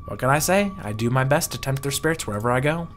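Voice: mid-range voice, lively intonation, fast talker, fairly bright tone, faint music behind, close to an everyday voice. A game reader voicing a fearless woman ghost hunter who talks in a breezy, teasing way. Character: upbeat woman ghost-hunting streamer, fearless.

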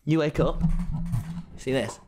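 Excitable man streaming a game. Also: fairly high pitch, takes it slowly, over music. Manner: excitable, mock-outraged, swears a lot. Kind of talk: casual gaming livestream.

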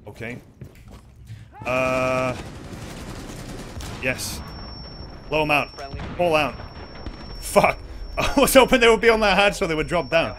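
A young man giving live, excitable commentary while playing a shooter game, swearing and laughing often. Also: on the high side, slow, long pauses, a little hiss or hum. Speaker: streamer.

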